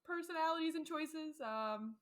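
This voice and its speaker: A woman's voice: sits high, normal speed, fairly bright tone. A young woman co-hosting a podcast in casual chat, agreeable, often chiming in with short replies. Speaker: podcast co-host.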